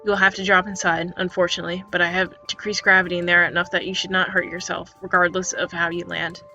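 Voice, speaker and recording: A woman voicing a calm, polite male android caretaker in a quiet, measured, matter-of-fact way, read aloud from a story game. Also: on the low side. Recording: dull lo-fi recording with faint music.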